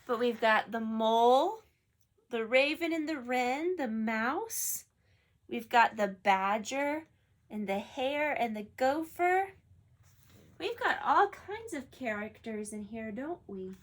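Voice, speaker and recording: A woman teacher reading a picture book aloud in an animated way and then asking her class questions about it. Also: on the high side, takes it slowly.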